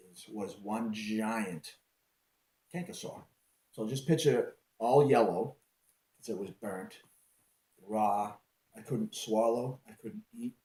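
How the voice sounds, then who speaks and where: A man being interviewed, telling a personal story in a lively way and acting out the dialogue as he recounts it. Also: on the low side, reverberant, low-quality recording. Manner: animated, acts out dialogue in his retelling.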